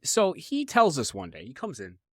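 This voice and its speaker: Recorded with clean studio sound and no room echo, a young man hosting a podcast speaks at a moderate pace in a slightly high voice. He's animated and profane, spinning comedic stories casually while often repeating himself and starting over.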